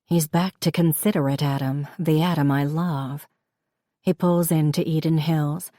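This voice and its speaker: A woman reading a novel aloud in the first person, with calm, reflective storytelling. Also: low voice, dry recording, clean studio sound. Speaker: audiobook narrator. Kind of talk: first-person scripted narration.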